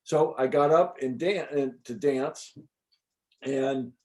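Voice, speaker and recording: A man's voice: medium pitch, slow pace. Chatty middle-aged man telling a story. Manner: animated, chatty, frequent fillers and restarts; salty, swears casually. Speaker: interview guest recounting an experience. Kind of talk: casual storytelling.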